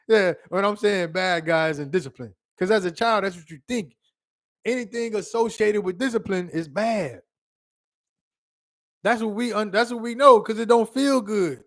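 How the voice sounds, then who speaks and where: Man, 30s, vlogger: casual storytelling to a phone camera, animated, laughs often, quick asides, slightly higher voice. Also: gravelly.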